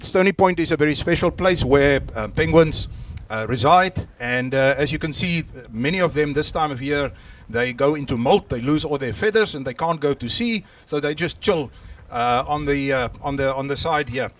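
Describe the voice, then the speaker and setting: A man gives a formal welcome speech outdoors at a coastal penguin colony. His voice sits a little high, and he speaks haltingly into a handheld microphone, pausing and restarting often. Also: a bit bright, a little hiss or hum. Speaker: conservation official opening an event. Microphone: handheld microphone into a public address.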